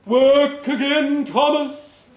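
A man voicing a huge, excitable male alien monster who bellows his lines slowly. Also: very high-pitched, pitched above the performer's own voice, full character voice. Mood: exclaiming. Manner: bellowing, slow and drawn out. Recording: roomy live venue sound.

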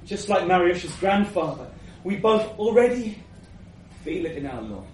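A man reading a first-person story aloud to a live audience, unhurried, with acted asides. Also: high voice, very animated, darkish tone, slight background noise. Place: live event venue before an audience. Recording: echoey venue from a distant mic.

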